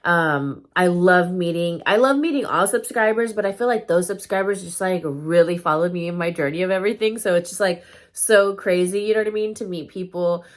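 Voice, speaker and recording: A woman's voice: fairly low pitch, a little fast. A woman vlogger telling a story time in casual chat, full of fillers and loose swearing.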